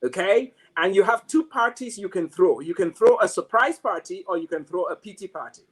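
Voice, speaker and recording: A man's voice: high-pitched, lively intonation, fairly quick, crowd noise. A man who teaches mathematics, giving a reflective, story-driven motivational talk with frequent restarts. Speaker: mathematics professor.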